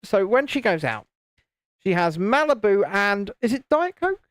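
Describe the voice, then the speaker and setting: Speaking in a high, sing-song voice with a clear, resonant tone, this UK livestream host talks a little slowly. He's chatty and laughs a lot as he works on a model and reads out comments from viewers. The recording has no room sound.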